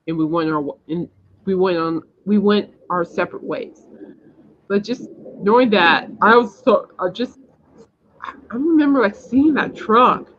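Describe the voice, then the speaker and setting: A woman's voice: mid-range voice, measured pace. A woman hosting a podcast, telling a personal story in a rambling, emphatic casual chat. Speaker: podcast host. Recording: dull lo-fi sound.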